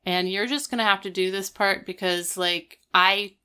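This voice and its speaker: Bright, clear-voiced woman recapping a show. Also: mid-range voice, steady tone, moderate pace. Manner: emotional, earnest retelling with quoted dialogue. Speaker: podcast co-host. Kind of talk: casual chat.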